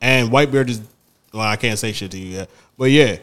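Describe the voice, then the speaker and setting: A young man hosting a casual chat, telling stories in an animated, slangy, profane way. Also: medium pitch, fairly quick.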